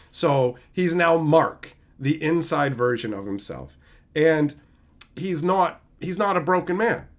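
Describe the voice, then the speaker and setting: Male streamer, excitable retelling, voice sits a bit high. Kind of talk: casual live-stream review.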